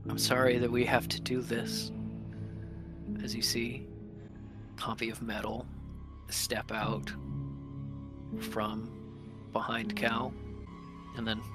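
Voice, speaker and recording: A man narrating as game master of a tabletop game, in a hushed, measured way. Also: mid-range voice, completely flat delivery, loud music behind the voice.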